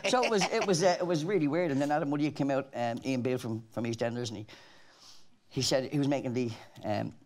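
A man's voice: mid-range voice, fast talker. An Irish man, a talk show guest, telling rambling anecdotes in casual chat with frequent restarts.

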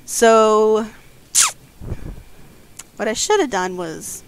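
A woman giving casual let's-play commentary as a guest host, jumpy and quick to yelp when frightened. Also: mid-range voice, expressive, clear, resonant tone. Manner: jumpy, yelps and squeals when scared.

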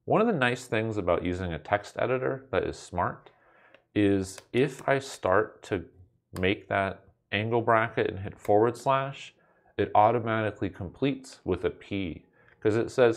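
A man's voice: lowish voice, measured pace. A man teaching a recorded coding lesson at his computer, in a playful, wry way with jokey asides to the viewer. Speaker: instructor.

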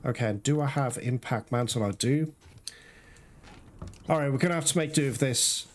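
A man giving excitable gameplay commentary, swearing often and talking straight to his viewers. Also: mid-range voice, moderate pace. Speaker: gaming YouTuber. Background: loud game music.

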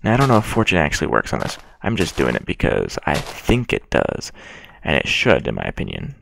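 A man's voice: rumbling low, wildly swooping pitch, a little fast, gravelly, noisy background. A man giving casual gameplay commentary, rambling and mocking himself as he chats to the game's characters. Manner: rambling and self-mocking, chatting to game characters. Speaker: gaming video creator.

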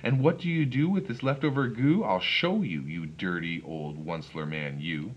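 A man's voice: low-pitched, normal speed, dull audio, heavy background noise, lightly acted. A man doing a scolding little forest guardian. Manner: scolding, indignant rhymed complaints. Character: small grumpy old male forest guardian.

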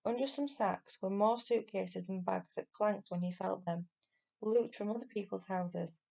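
A woman teacher reading a children's novel aloud at an even pace. Her voice carries a gravelly edge, and her storytelling stays steady and clear. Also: mid-range voice, measured pace.

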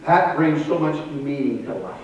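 A pastor preaching a sermon, swinging between loud and soft and repeating words. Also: male voice, a little high, lively intonation, moderate pace, dull audio, a little hiss or hum. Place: church sanctuary. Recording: roomy live church recording from a distance.

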